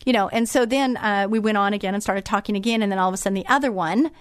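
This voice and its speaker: A woman's voice: mid-range voice, very fast, clear, resonant tone, no echo, clean studio sound. A middle-aged woman hosting a radio show, chatting in a motherly way with many fillers and restarts. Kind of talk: casual chat.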